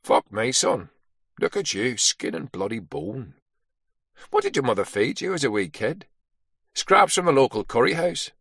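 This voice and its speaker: A man's voice: medium pitch, big pitch swings, unhurried, fairly bright tone, slightly rough, no room sound, studio quality, exaggerated voice. A man voicing a crude, joking Northern Irish army quartermaster in his fifties, blunt and full of swearing. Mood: mocking.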